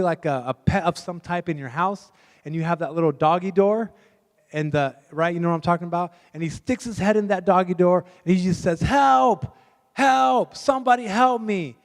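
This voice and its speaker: Preaching as a guest pastor in a church sanctuary, a man tells a story chattily and acts out the voices of its characters. His voice is high-pitched and carries through a large hall.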